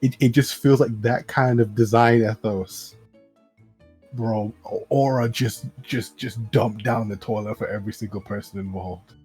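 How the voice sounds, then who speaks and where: A man with a fairly low voice chats loosely on a gaming stream, stumbling over and repeating his words. Faint music plays behind him. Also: unhurried, breathy edge. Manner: rambling, repeats words, animated. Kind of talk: casual gaming stream chat.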